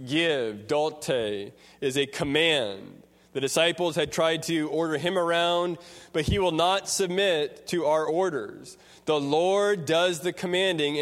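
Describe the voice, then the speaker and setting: Slow-preaching man in a reverberant hall. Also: a little high. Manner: slow, deliberate expository preaching. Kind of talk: sermon. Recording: long reverb of a large hall.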